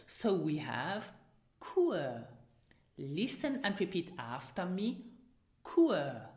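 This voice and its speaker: A woman with a Luxembourgish accent gives a pronunciation lesson at a very slow, careful pace. Her pitch moves in a lively way as she repeats each word for the listener to copy. The room around her has a noticeable echo. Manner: patient, drills words for repetition. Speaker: language teacher. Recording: roomy echo.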